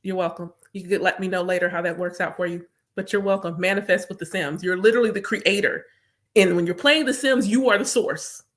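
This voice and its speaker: A woman's voice: lowish voice, a little fast. A woman who works as a spiritual reader, chatting casually with viewers in an emphatic way and repeating her points. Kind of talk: casual live chat to viewers.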